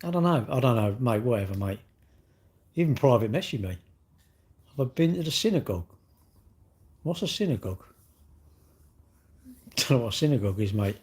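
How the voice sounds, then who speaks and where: A man's voice: medium pitch, lively intonation, brisk, long pauses, darkish tone, breathy edge. An English man hosting a livestream, rambling and mocking in casual chat as he reads and answers comments. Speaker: livestream host.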